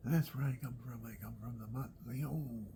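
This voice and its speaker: A man telling rambling personal stories at home, often dropping into soft whispered asides. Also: mid-range voice, a little fast, gravelly, slight background noise.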